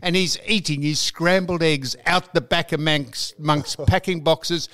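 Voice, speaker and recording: Older aussie guy ribbing his co-host, bit higher voice, lively storyteller. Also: unhurried. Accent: Australian. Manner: animated, teasing, retells with quoted voices. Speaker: radio host. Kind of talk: banter and storytelling.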